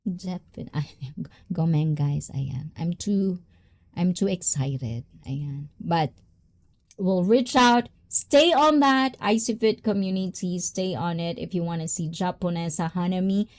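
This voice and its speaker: A woman hosting a casual livestream, excitable and giggly, hopping between languages. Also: lowish voice, unhurried. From Philippines. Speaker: livestream host.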